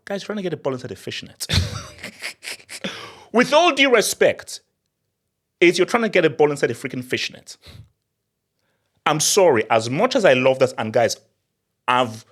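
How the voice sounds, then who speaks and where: A young man hosting a football channel, talking in an excitable, laughing rant. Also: mid-range voice. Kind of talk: animated football commentary vlog.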